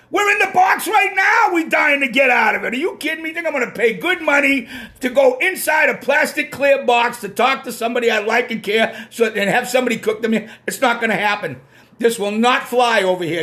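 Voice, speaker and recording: High-voiced ranting Boston man. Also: sharp tone. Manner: ranting, swears when worked up. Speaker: live stream host. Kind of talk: casual live-stream chat. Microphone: computer mic on a live stream.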